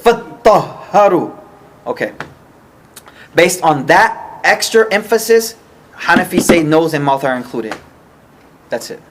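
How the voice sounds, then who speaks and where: High-voiced man teaching a study class. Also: very animated, noisy background. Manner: explains patiently, checks the group often, slows for key points. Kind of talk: informal religious study class.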